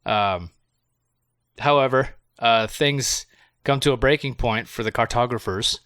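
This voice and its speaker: Laughing, foul-mouthed podcast guy, bright voice. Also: medium pitch, measured pace, smooth, no room sound, studio quality. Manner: laughs often, swears freely, recounts plot in loose rambling bits. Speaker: podcast co-host. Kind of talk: casual movie review chat.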